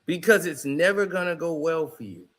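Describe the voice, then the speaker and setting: A man's voice: fairly high pitch, expressive, normal speed, fairly bright tone. A man commentating on a clip, mocking the speaker in a theatrical way. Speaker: online commentator reacting to a clip. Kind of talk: reaction commentary.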